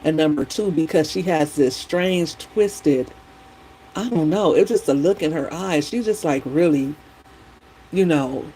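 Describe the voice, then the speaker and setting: A woman vlogger in a casual chat while doing her hair, retelling things in a rambling, opinionated, animated way. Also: sits low, measured pace, a little hiss or hum, low-quality recording.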